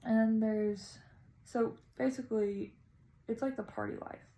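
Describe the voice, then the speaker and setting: A woman's voice: a little high, fairly even intonation, a little slow, dark tone, low-quality recording. A woman casually talking through her reading of a poem, tentative and thinking aloud as a student presenting. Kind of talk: casual spoken poem analysis.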